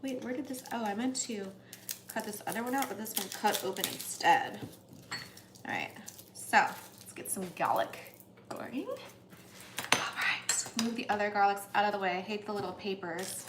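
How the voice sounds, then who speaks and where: A woman's voice: mid-range voice, moderate pace, pauses often, noisy background. A young woman hosting a cooking livestream at home, chatting casually and giggling as she cooks. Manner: chatty and giggly, with playful asides. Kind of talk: casual chat while cooking. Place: home kitchen. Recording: echoey kitchen with clattering pots and dishes.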